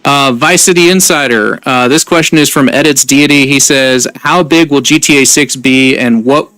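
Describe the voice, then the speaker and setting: A man hosting an online group chat, relaxed and agreeable, reading out viewer questions over a call microphone. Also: mid-range voice, moderate pace, no echo, soft background music, poor audio. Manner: relaxed, filler-heavy, agreeable.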